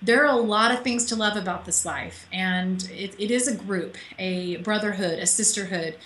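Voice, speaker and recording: A woman's voice: mid-range voice, moderate pace, fairly bright tone, roomy sound, slight background noise. A woman author being interviewed over a call from her home office, chatty and emotional, laughing often. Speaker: author guest. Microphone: call audio.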